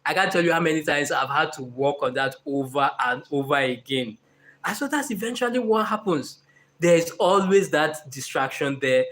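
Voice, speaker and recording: A man giving a motivational talk in a live session, earnest and animated, with playful asides. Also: fairly high pitch, normal speed. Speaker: motivational speaker.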